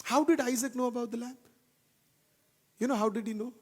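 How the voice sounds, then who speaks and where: A pastor's high, ringing male voice delivers a fervent sermon, driving points home by repeating them. The sound carries a long reverb from a large church hall. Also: fairly even intonation, fairly quick, darkish tone. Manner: fervent preaching with repeated phrases.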